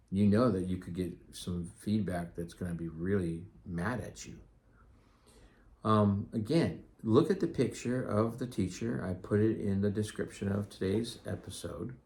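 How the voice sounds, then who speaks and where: A man's voice: on the low side, a little mellow. A middle-aged man hosting his own podcast, talking casually and earnestly, rambling a little with restarts and asides. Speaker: podcast host. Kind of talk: casual solo talk.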